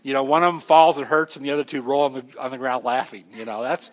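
A middle-aged man preaching a sermon, telling stories with an animated delivery that swings from loud to soft. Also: medium pitch, quick pace, hardly any pauses. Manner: animated storytelling, voices shifting loud and soft. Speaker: pastor.

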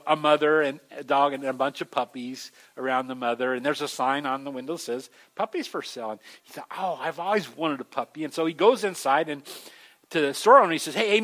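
Animated preaching man, higher voice. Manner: animated storytelling, voices shifting loud and soft. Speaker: pastor. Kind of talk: sermon.

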